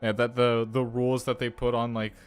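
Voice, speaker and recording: A man's voice: mid-range voice, flat delivery, a little fast, clean tone. A man playing a video game and chatting with a friend, playful, teasing and swearing. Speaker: gaming streamer. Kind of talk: casual chat while gaming. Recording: faint game music behind.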